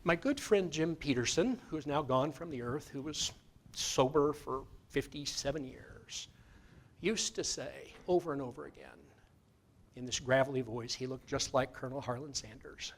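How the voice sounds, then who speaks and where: Serving as a guest minister in a church sanctuary, a man delivers a conversational sermon, shifting between loud, emphatic lines and soft guided meditation. His pitch is medium and his speed normal.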